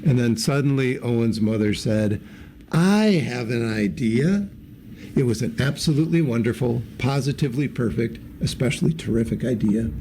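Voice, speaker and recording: Male storybook reader, warm and mellow, lively with character voices, faint hiss. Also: medium pitch, fairly quick, few pauses. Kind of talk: reading a picture book aloud.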